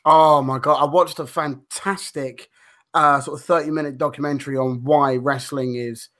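A man's voice: a little high, steady tone, moderate pace, fairly bright tone. Rambling man, casual podcast chat. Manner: rambling, swears freely, many fillers and restarts. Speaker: podcast co-host.

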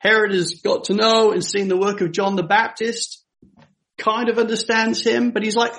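A man delivers a sermon with a notably high voice. His storytelling is dramatic. Hushed passages give way to ringing, emphatic declarations. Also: little pitch movement, normal speed. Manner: dramatic, swings from hushed to emphatic when quoting scripture. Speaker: preacher.

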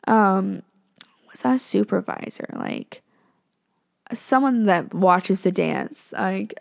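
A woman's voice: medium pitch, slow, vocal fry. A young woman hosting a podcast, telling a story in a rambling, casual way and swearing freely. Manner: rambling, profane, says "like" and "literally" a lot. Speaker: podcast host.

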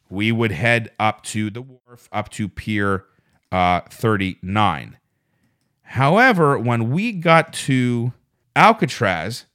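A male podcast host spinning a rambling, self-deprecating story on his own, with plenty of swearing. His pitch rises and falls a lot as he talks, at a middling register. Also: fairly bright tone. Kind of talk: casual solo podcast storytelling.

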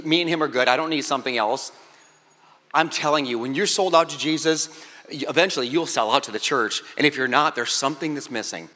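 A middle-aged male pastor preaching a sermon, animated and joking, acting out little scenes as he goes. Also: sits high. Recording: echoey hall with long reverb.

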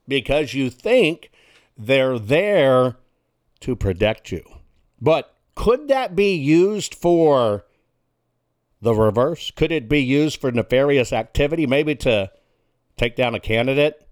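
A man's voice: fairly high pitch, no room sound, studio quality. A male talk radio host delivering a combative monologue and building up a hypothetical scenario. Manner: combative, emphatic, insulting opponents.

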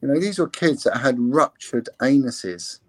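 A man's voice: mid-range voice, expressive, a little slow, no echo. A man, a former police investigator, talking earnestly in an interview with many restarts and fillers. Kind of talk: candid interview talk.

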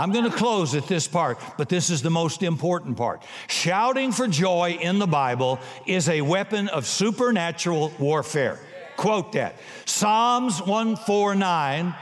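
Male preacher, folksy and punchy, fairly high voice, long reverb of a large hall. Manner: folksy, punchy, breaks into shouts and jokes. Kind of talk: sermon.

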